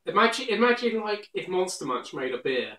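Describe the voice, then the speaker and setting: A man's voice: high-pitched, very animated, fairly quick, bright, forceful tone, roomy sound, low-quality recording. A man hosting a casual beer review. He teases his co-host and talks with plenty of fillers and hesitations. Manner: teasing, jokey, hesitant with fillers. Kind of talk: casual chat.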